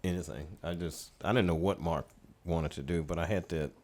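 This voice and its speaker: A middle-aged man, a studio owner casually telling stories as a podcast guest with relaxed, rambling anecdotes. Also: low voice, a little fast. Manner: relaxed, rambling anecdotes, laughing as he tells them. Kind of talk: casual storytelling in a podcast interview.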